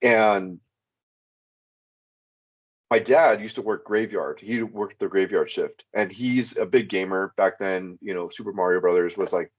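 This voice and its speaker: A man's voice: deep voice, measured pace. A man calling into a podcast, telling a long personal story in a rambling way, with many fillers. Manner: rambling, frequent "you know" fillers. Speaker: podcast caller. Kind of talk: casual first-person storytelling. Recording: dull lo-fi sound.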